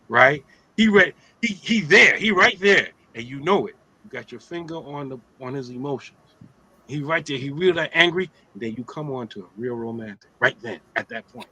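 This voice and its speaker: A man's voice: mid-range voice, pushed and bright, slightly rough, rough recording. A middle-aged man hosting a casual religious talk, streetwise and joking, often asking "right?". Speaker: host of an Islamic talk show.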